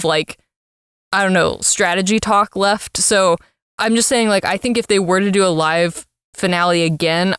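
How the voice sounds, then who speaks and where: A woman co-hosting a podcast, talking in a relaxed way and thinking aloud with plenty of fillers. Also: medium pitch, clear, resonant tone, dry recording, clean studio sound. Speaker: podcast co-host. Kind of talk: casual recap chat.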